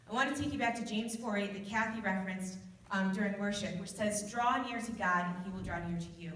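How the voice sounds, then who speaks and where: A woman's voice: mid-range voice, fairly quick, hardly any pauses, fairly bright tone. A woman giving an informal youth sermon in an earnest, conversational way, often restarting her sentences. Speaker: youth group speaker. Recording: echoey room from a distance.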